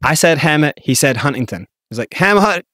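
A man from Scotland with a Scottish accent, telling a lively story as an interview guest and acting out the quotes. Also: medium pitch, quick pace, no echo, clean studio sound. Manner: animated storyteller, acts out quotes.

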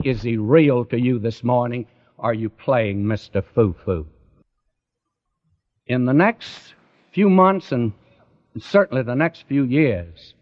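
Earnest preacher man, slow and lively. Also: medium pitch, highs cut off. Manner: earnest, direct address to listener. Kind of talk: radio Bible sermon.

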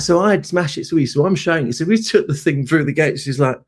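A man, a podcast guest telling an animated story and acting out the voices. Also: fairly high pitch, fast, few pauses. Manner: animated, acts out voices in quotes. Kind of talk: storytelling anecdote.

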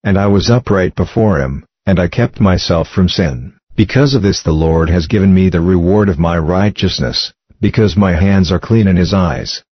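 A man reciting psalms in a steady, measured reading. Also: low voice, dry recording, highs cut off. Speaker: scripture reader.

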